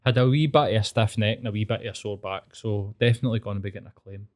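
A man's voice: lowish voice, steady tone, quick pace. A young man with a Glasgow accent, co-hosting a podcast in casual, sweary, rambling chat. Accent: Scottish, Glasgow. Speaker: podcast co-host.

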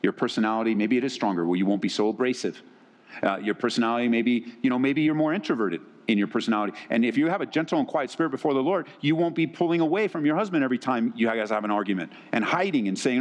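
An earnest man preaches a sermon in a middle-pitched voice. He hammers home his points by repeating words and phrases. His voice carries a long reverb, as if from a large hall. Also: expressive, quick pace. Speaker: pastor.

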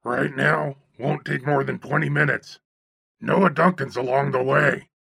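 A talkative, heavyset cab driver , as a male audiobook narrator puts him on, with a deep gravelly rasp and a husky, smoke-worn edge. He chatters on in a folksy drawl, sharp and forceful at the front of each word. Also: fairly even intonation, measured pace, no room sound, studio quality, exaggerated voice. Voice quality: raspy, phlegmy. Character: gregarious overweight chain-smoking male cab driver. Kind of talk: audiobook character voice.

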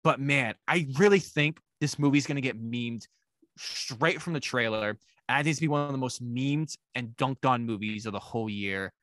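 A man's voice: mid-range voice, moderate pace, fairly bright tone, no room sound. A man co-hosting a casual movie podcast, blunt and swearing freely. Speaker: podcast co-host. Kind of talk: casual chat.

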